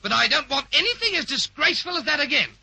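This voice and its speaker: A man's voice: big pitch swings, fast, gravelly, bright, forceful tone, heavily acted, poor audio. An actor in a vintage radio comedy playing a flustered, pompous male schoolteacher who stammers when caught out. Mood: fussy. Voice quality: high fluttering voice, stammering. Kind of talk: 1940s radio comedy acting.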